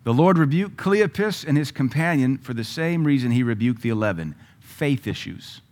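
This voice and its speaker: A middle-aged man delivers a sermon in a voice of ordinary middle pitch. He preaches emphatically and climbs into loud, pointed bursts when he quotes scripture. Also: expressive, normal speed.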